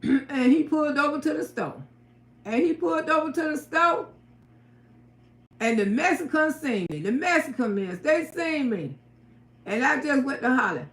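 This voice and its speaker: A woman host telling a personal story to her live-stream viewers, profane and animated, laughing and tearing up as she talks. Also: high-pitched, normal speed. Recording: roomy echo.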